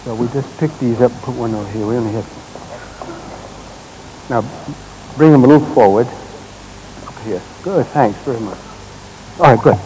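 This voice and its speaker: A man leading a live therapy demonstration on a stage, giving gentle, directive instructions in short commands and explaining to the audience as he works. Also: mid-range voice, normal speed, long pauses, a little hiss or hum, poor audio. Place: stage at a congress.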